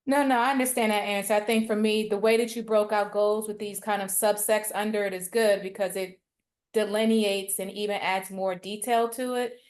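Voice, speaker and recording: A woman joins a group workshop by video call. She answers in a thoughtful, measured way, working through her ideas as she speaks. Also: mid-range voice, fairly even intonation, a little mellow. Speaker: workshop participant. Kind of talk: casual group discussion.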